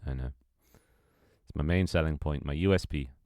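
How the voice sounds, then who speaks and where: With a bass voice and a darkish tone, a young British man with a British accent speaks at normal speed on a casual live stream. He's chatty, reads the chat aloud, swears and laughs frequently. It's studio quality with no echo.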